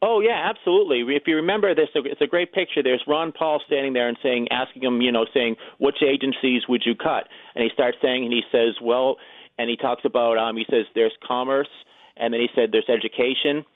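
A male author and guest on a radio show, telling anecdotes eagerly and acting out each quote. He talks very fast at a medium pitch. The sound is dry and slightly muffled, like lo-fi radio. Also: fairly even intonation, dry recording. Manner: rapid, enthusiastic anecdote telling, acts out quotes. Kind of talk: casual radio interview.

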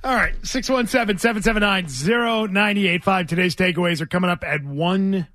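A male sports radio co-host runs the call list in a wry, brisk way. His voice is high for a man and sounds dry and close. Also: fairly bright tone, dry recording. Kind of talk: sports talk radio, running the calls.

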